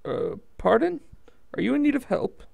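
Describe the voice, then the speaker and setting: A man's voice: extremely high pitch, wildly swooping pitch, moderate pace, gravelly, darkish tone, voice pushed up, full character voice. A man voicing an earnest, polite male knight hero who speaks formally.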